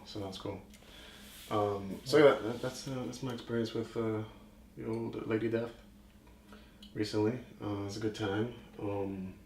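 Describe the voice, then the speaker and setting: A man co-hosting a podcast, telling a story in a rambling, animated way, acting out quotes and swearing. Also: on the low side, a little hiss or hum. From New York. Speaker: podcast co-host. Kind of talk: casual storytelling chat. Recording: echoey room.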